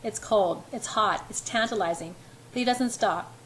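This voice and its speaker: A woman's voice: medium pitch, moderate pace, a little hiss or hum, poor audio. A woman reading a romance novel aloud in an unpolished first-person voice. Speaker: amateur reader.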